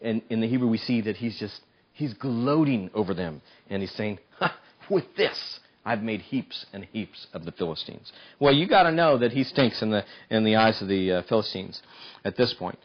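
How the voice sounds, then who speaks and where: Man preaching a lively sermon, lo-fi. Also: moderate pace. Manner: animated, voice climbing high when acting out Samson's pleas.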